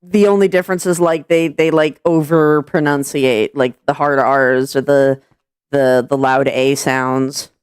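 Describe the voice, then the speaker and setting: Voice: medium pitch, fairly even intonation, a little slow, clear, resonant tone, no room sound, studio quality. A streamer from Washington State with a Pacific Northwest American accent, chatting casually and rambling with lots of fillers and swearing. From Washington State, USA. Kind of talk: casual chat on a live stream.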